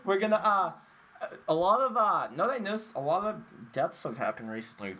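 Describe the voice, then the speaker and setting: Male podcast host, lively up-and-down delivery, loose rambling storyteller who keeps cracking up. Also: high-pitched, a little fast, a little hiss or hum. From Massachusetts. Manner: laughs often, rambling storytelling. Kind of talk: casual chat.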